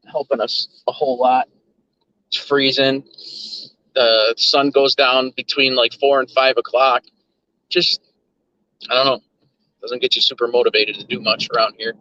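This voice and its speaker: A man's voice: mid-range voice, bright, forceful tone, no echo, highs cut off. Rambling man livestreaming from his car. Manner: rambling, repeats words, talks to chat. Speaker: livestream host. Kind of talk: casual chat while driving.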